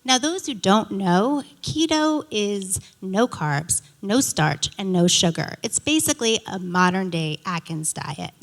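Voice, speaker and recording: A middle-aged woman performing a stand-up comedy set, telling stories with animated, indignant quoted dialogue. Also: medium pitch, a little slow, vocal fry, few pauses. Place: theater stage. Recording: reverberant theater hall.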